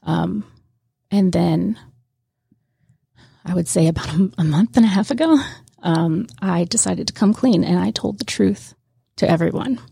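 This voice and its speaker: Husky, gravelly woman telling her story. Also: fairly low pitch, measured pace, pauses often, dark tone, no room sound, studio quality. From Mississippi. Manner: emotional, laughs often, many restarts. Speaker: guest. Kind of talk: candid personal story in conversation.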